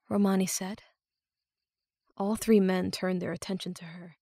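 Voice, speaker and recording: A woman reading a fantasy novel aloud as an audiobook narrator, measured and hushed in tense moments. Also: medium pitch, flat delivery, creaky, breathy edge, no echo, studio quality. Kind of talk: scripted narration.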